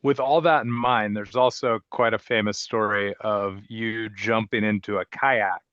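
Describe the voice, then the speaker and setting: A man's voice: on the low side, steady tone, measured pace, fairly bright tone. A man hosting an interview, asking questions with many false starts. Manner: hesitant, restarts his questions. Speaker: podcast host. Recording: dry, dull lo-fi sound.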